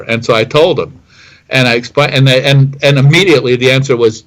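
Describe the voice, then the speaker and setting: A man's voice: medium pitch, fairly even intonation, a little fast, fairly bright tone, poor audio. A middle-aged man, a distiller telling a long story in an interview, rambling with many fillers and restarts. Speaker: whiskey distiller guest.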